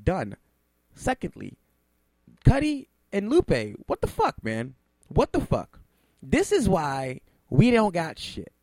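A man's voice: on the high side, a little mellow, no room sound. Heated, profane male radio host. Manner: profane, heated, emphatic ranting. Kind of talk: ranting talk radio monologue.

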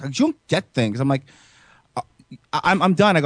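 A man's voice: fairly high pitch, fast, no room sound. A young adult man hosting a casual podcast chat, telling stories animatedly, swearing and acting out quotes. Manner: profane, animated storytelling with voiced quotes. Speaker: podcast host.

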